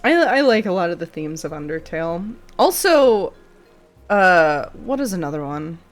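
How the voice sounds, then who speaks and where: A woman's voice: fairly low pitch, sing-song, normal speed, soft background music. A young woman streaming live, chatting casually with viewers, swearing freely and thanking them by name.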